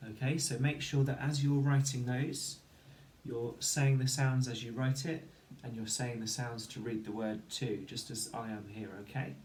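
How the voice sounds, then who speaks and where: A man's voice: medium pitch, fairly even intonation, normal speed, a little mellow, echoey room, slight background noise. A man teaching a phonics lesson to children, counting to three and sounding out letters one by one. He mentions having hay fever. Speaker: primary school teacher.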